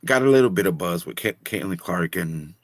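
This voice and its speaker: Chill low-voiced dude on a podcast, says bro a lot, dry room. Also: male voice, animated, brisk, dry recording. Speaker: podcast co-host. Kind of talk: casual chat.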